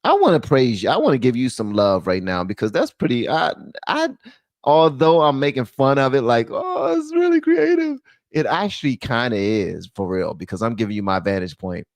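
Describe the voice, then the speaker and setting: Lively, blunt-talking male show host. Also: mid-range voice, brisk, dry recording. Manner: blunt, profane ranting, calling out viewers. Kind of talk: solo commentary show.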